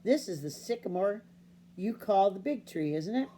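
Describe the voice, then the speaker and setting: A gentle, slow-talking farmer dad, as a woman reads him. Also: mid-range voice, a little hiss or hum, close to an everyday voice. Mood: calm. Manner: slow, calm and soft. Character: gentle, calm farmer father.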